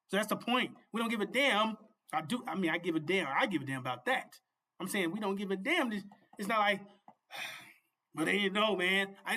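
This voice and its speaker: Male preacher-host, high ringing voice, fervent and repetitive, loose informal sermon with bursts of shouting. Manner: fervent, repetitive, often asks "You see?"; laughs and shouts at peaks.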